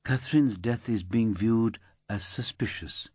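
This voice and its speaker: A man voicing a calm, reassuring female police officer in an audiobook. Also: on the low side, a little slow, husky, dry recording, clean studio sound.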